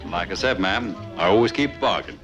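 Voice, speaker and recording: Man doing a Texan accent, folksy drawl, clipped polite buyer, low voice. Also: animated, fairly quick, over music. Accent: Texan, put on. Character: brash male Texan buyer, polite, tight-lipped.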